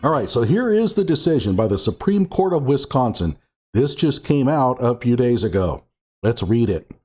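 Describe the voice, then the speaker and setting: A man's voice: mid-range voice, big pitch swings, moderate pace, darkish tone, husky, faint music behind. A man hosting his own show, giving sarcastic commentary on a court ruling and reading passages out with heavy emphasis. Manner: sarcastic, reads documents aloud with emphasis. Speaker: show host.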